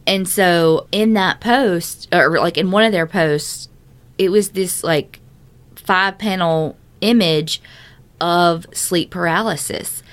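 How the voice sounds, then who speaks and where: Low-pitched woman co-host, blunt, foul-mouthed, chatty. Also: takes it slowly. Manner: emphatic, heavy swearing, fillers like "like". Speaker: podcast co-host. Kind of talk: casual chat.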